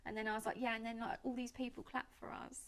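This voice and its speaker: A woman's voice: on the high side, little pitch movement, fast, a bit bright, smooth. Chatty young woman telling a story. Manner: chatty, lots of "like" and reported speech. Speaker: guest, make-up artist. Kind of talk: casual chat, storytelling.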